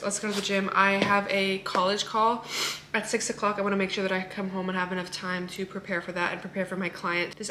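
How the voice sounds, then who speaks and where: A woman's voice: mid-range voice, bright, forceful tone, a little hiss or hum. A young woman and fitness coach chatting casually to her phone camera in a vlog, bubbly and swearing now and then. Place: home, then car and gym.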